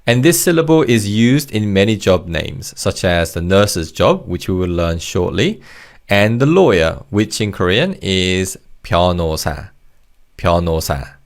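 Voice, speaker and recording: A man's voice: low-pitched, animated, normal speed. A man teaching Korean vocabulary in English, explaining word parts and leading repeat-after-me drills in a patient, encouraging way. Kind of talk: language lesson narration.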